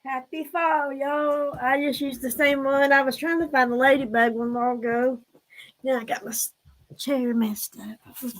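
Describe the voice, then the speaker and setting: A woman, hosting a casual live stream, hoarse and breathless from laughing, chatty and a bit scattered. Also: high-pitched, steady tone, normal speed. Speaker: livestream host. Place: room at home.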